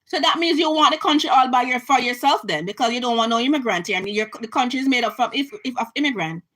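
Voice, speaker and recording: A woman's voice: on the high side, fast, fairly bright tone, low-quality recording. A Jamaican woman giving an impassioned political rant to her camera, emphatic and repetitive, often restarting her sentences. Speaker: vlogger.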